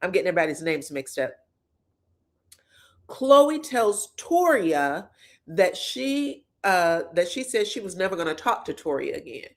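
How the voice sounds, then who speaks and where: A woman's voice: lowish voice, big pitch swings, unhurried. A woman host in casual, chatty commentary, retelling reality TV drama in blunt slang with frequent swearing. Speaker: pop culture commentator.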